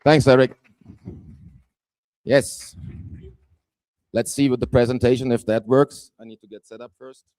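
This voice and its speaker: A man in his forties from southern Germany with a German accent, giving a conference talk haltingly with lots of fillers. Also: mid-range voice, fairly even intonation, a little mellow, dry recording. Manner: hesitant, many fillers, self-deprecating. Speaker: guest speaker. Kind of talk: conference presentation.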